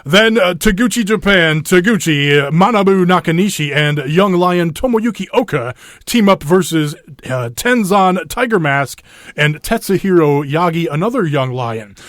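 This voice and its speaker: A man with a fairly high voice co-hosts a podcast, rambling casually through match recaps with lots of fillers and restarts. The sound is dry and close to the mic. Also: animated, moderate pace, a bit bright, no echo. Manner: rambling, many restarts and fillers, laughs often. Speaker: podcast co-host.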